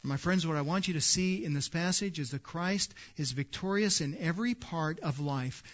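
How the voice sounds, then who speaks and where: A man preaching a sermon, rising to loud emphatic stretches and repeating words for weight. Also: a little high, expressive, moderate pace, muffled recording. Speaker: pastor.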